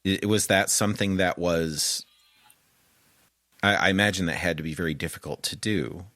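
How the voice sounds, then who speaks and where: A man hosting a podcast interview, asking gentle questions in a halting, thoughtful way. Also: sits low, no echo. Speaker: podcast host. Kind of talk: interview conversation.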